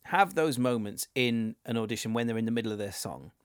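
Chatty podcast host, dry sound. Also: male voice, mid-range voice, brisk, clean tone, no echo. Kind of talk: casual chat.

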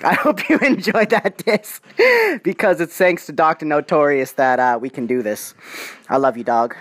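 A man's voice: fairly high pitch, normal speed, a bit bright, a little hiss or hum. A man answering a roast with a boastful, laughing, profane diss. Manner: boastful, trash-talking, laughing. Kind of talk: comedic diss response.

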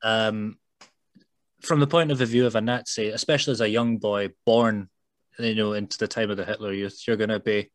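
A man's voice: lowish voice, steady tone, moderate pace, no room sound. A man guesting on a podcast, talking through a film in a thoughtful, casual way and leaning on "you know".

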